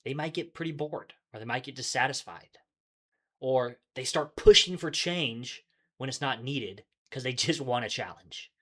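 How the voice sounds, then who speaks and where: A man hosts a workplace podcast, explaining things in an upbeat, conversational way and chuckling often in this casual talk. His voice is medium-pitched with a sharp tone, at a moderate pace.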